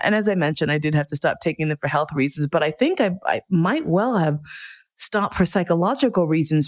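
A middle-aged woman telling a candid, profane, self-mocking story as a monologue. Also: fairly low pitch.

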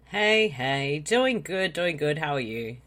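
An Australian man co-hosts a podcast in casual chat. He speaks quietly and keeps his replies brief, and his pitch sits a little high for a man. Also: sing-song, slow pace. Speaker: podcast co-host.

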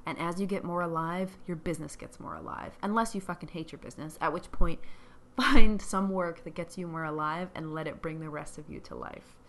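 A woman's voice: lowish voice, fairly quick, fairly bright tone. Blunt, profane woman business coach. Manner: blunt and profane, emphatic repetition. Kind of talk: motivational monologue.

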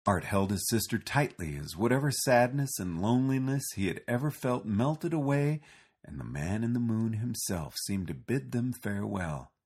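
A man reading a storybook aloud with expressive, animated narration. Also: lowish voice, moderate pace, breathy edge.

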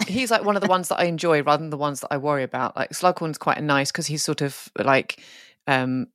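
Woman podcast host, low voice, casual rambling chat, dry sound. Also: fairly quick, fairly bright tone, dry recording. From United Kingdom. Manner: chatty, rambling with fillers.

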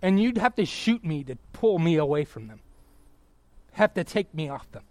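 A middle-aged man preaching with a high, bright voice, recorded dry and close with no room sound. He gets excited and loud, then sinks back to a hushed, earnest tone. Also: normal speed, dry recording. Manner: excitable, bursts into yelling then drops to quiet. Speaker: pastor. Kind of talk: sermon.

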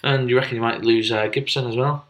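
A young man co-hosts a casual podcast, needling his friend with teasing, jokey banter. His voice sits at a middling pitch and sounds bright and forward. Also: steady tone, fast, slight background noise. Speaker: podcast co-host. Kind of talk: casual chat.

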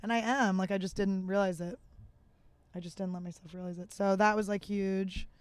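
Open, emotional woman with a smooth voice. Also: mid-range voice, fairly even intonation, normal speed, dry recording. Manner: emotional and open, with many fillers. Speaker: guest. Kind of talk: candid personal storytelling.

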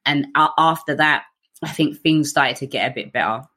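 A woman's voice: low voice, normal speed, sharp tone, breathy edge. A woman with a British accent telling her life story candidly in a conversational way, with fillers and restarts. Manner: conversational, many fillers, acts out others in raised voices.

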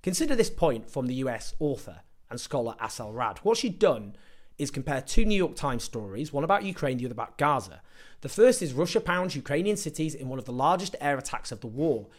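A man's voice: medium pitch, sing-song, fairly quick. A man giving an impassioned political commentary, sarcastic and emphatic as he builds his points.

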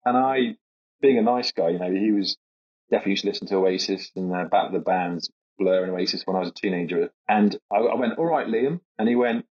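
A man's voice: sits low, brisk. A man in his thirties, a comedian guest, telling casual anecdotes in a hesitant, rambling way and laughing through them. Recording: dull lo-fi podcast audio.

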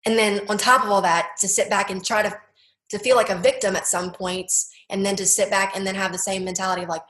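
A woman's voice: mid-range voice, fairly even intonation, fast, fairly bright tone. A young woman, a guest in an interview, sharing her story in an earnest, heartfelt way, with lots of "like" and "you know". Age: young adult. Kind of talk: personal testimony interview. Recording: roomy echo.

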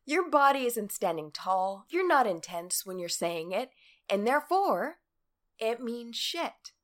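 Blunt, swearing woman with a lively voice. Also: fairly high pitch. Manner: blunt and profane, acts out everyday scenes in quick quoted voices. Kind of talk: motivational talk addressed to the listener.

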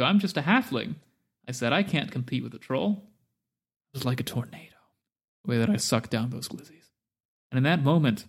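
A man's voice: mid-range voice, close to an everyday voice. A man playing a boastful, melodramatic halfling with a pompous, theatrical way of telling his stories.

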